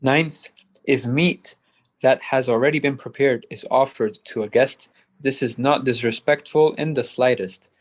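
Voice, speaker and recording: A man reading a translated religious commentary aloud, point by point in a steady manner. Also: mid-range voice, a little slow. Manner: steady, numbered points read from text. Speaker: student reader.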